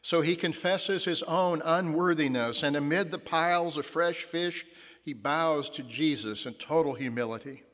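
A man preaching a sermon as pastor, telling stories and slowing down to stress key lines. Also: on the high side, a bit bright. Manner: storytelling, slows for emphasis. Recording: long church reverb.

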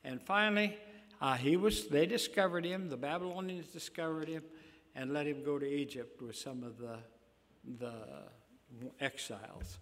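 An older man preaching a sermon in a halting, folksy way, with many fillers and restarts. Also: fairly high pitch, a bit bright. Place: church sanctuary. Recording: long hall reverb.

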